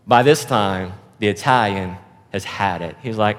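A man preaching a sermon, telling a joke with lively acted-out voices for the people in it. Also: fairly low pitch, a little slow, long reverb tail. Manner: animated storyteller, acts out characters. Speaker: pastor. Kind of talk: sermon with storytelling.

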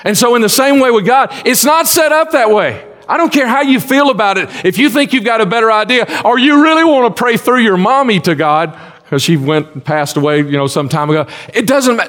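Man, folksy preacher, high voice, reverb of a hall. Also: fairly bright tone. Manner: folksy and conversational, with frequent restarts. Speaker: pastor. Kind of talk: sermon.

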